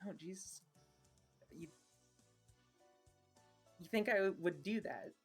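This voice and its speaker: A prickly teen hero girl, as a player puts her on, curt and quick to threaten, her voice at a middle pitch with faint music behind it. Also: slightly rough. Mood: hurt. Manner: curt, sulky, then threatening. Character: blunt, irritable teen superhero girl.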